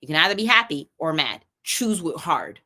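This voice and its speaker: A young woman talks straight to her livestream viewers in a chatty, animated way. Her voice sits low, and she often restarts sentences mid-thought. She laughs easily between her motivational points. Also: normal speed. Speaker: live streamer giving motivational talk. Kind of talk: casual motivational livestream talk.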